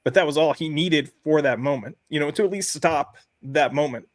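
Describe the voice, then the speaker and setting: A man hosting a casual panel discussion, telling personal stories in an earnest, halting way. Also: fairly high pitch, no echo. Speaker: podcast host.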